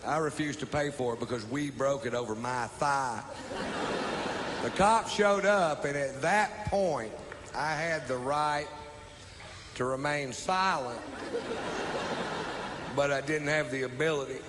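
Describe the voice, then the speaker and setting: A man's voice: on the high side, unhurried, pauses often, noisy background. A man telling a drawling stand-up story and acting out the people in it. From Texas. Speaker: stand-up comedian. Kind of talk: stand-up comedy.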